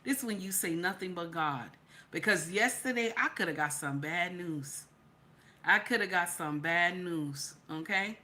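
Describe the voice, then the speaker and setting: A woman hosts a live reaction vlog on her channel, speaking emphatically and repeating herself, tearful after crying. Her voice is on the low side, animated and unhurried, with a pushed, bright quality.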